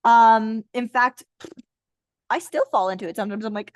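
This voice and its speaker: A woman in her thirties gives viewers a casual tarot reading, chatty and playful, often joking, laughing and swearing along the way. Her voice is a little high with a moderate pace, and there's no room sound.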